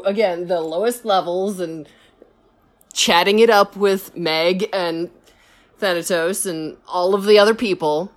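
Woman telling a story casually; slow, rambling, lots of fillers and self-corrections. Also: medium pitch.

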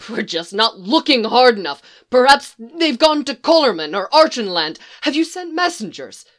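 In a storybook reading, a woman voices a tender-hearted young male faun, speaking frantically in halting, broken-off phrases. Her voice is mid-range and expressive.

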